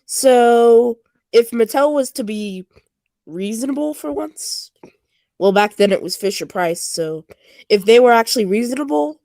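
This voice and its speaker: On a casual stream, a woman co-host rambles through nerdy train talk, packing her speech with fillers. Her voice sits on the high side and sounds expressive and mellow, a little slow, with no echo.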